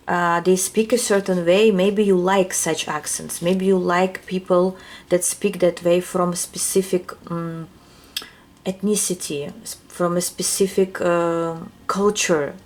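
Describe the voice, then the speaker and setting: A woman whose first language isn't English gives a casual tarot reading, musing aloud and searching for words. Her voice is lowish and fairly even in intonation, and she speaks a little slowly.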